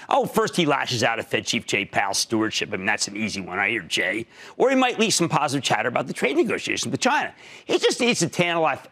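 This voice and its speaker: A man in his sixties hosting a stock market TV show, giving emphatic, punchy commentary and taking callers. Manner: emphatic, punchy, jumps between loud and low.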